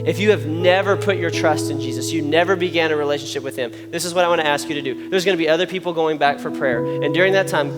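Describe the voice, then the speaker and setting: A man preaching a sermon in an earnest, conversational way, with rising emphasis on his key points. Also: fairly high pitch. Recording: long reverb, guitar music behind. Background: soft guitar music.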